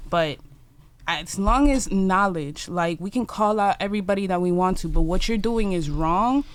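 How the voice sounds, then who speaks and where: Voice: mid-range voice, moderate pace, dry recording. A podcast co-host sharing earnest, emphatic opinions in casual chat.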